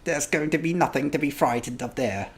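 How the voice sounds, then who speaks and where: A man voicing an earnest, fatherly adult wizard who speaks gently and reassuringly while reading a play aloud. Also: fairly high pitch, fairly quick, pitched above the performer's own voice, close to an everyday voice.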